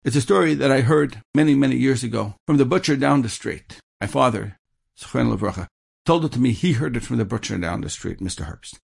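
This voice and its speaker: Gravelly-voiced man telling a faith story. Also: mid-range voice, lively intonation, a little fast, a little mellow. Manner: earnest, repeats for emphasis. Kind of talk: inspirational religious storytelling.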